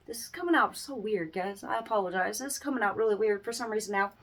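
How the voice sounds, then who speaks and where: A woman's voice: medium pitch, lively intonation, fast. A woman, a parent, giving a casual life-lesson talk to camera, earnest and repeating phrases for emphasis. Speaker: parent and small business owner.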